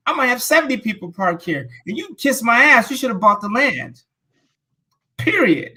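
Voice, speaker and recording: A man from California talks casually as a show guest in a bright voice. He gets animated and laughs a lot as he pitches his ideas. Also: normal speed. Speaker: guest financial commentator. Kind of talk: casual talk show chat.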